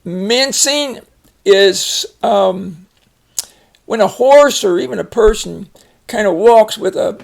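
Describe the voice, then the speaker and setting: A man giving a phonics lesson at his computer, reading out each word slowly and explaining it with an example sentence. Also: high voice, creaky. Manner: deliberate, stretches out each target word, then explains. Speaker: reading teacher. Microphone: computer voice-over over a screen recording.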